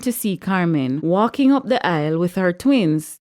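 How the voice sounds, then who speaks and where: A woman narrates a story, her voice sitting lower than most. She reads at a measured pace, expressive but steady. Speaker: audiobook narrator. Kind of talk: storybook reading.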